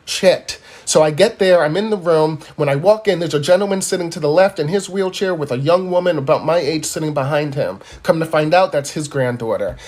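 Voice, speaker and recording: A man's voice: on the high side, brisk, hardly any pauses, darkish tone. A man telling a comic story in a crude, exasperated way, cursing heavily. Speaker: comedic storyteller.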